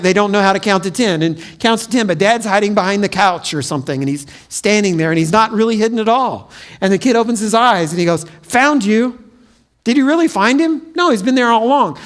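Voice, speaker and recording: Animated high-voiced preacher. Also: male voice. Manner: animated storytelling with acted-out quotes. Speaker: pastor. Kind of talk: sermon. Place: church sanctuary.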